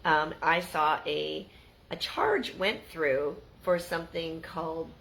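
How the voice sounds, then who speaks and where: A middle-aged Canadian woman telling a story to her viewers in a chatty, animated way. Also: sits low, slow, gravelly, a little hiss or hum, low-quality recording. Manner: chatty and animated, acts out the people in her stories. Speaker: vlogger. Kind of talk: casual storytelling to camera.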